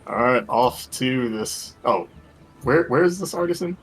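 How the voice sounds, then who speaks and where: A man's voice: mid-range voice, lively intonation, measured pace, faint music behind. A man playing a tabletop game, partly in character, polite and laughing often. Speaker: player.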